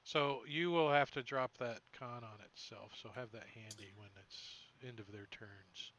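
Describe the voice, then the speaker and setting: A man narrating as dungeon master of an online tabletop game, chatty and lively, with sound effects. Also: mid-range voice, moderate pace, highs cut off.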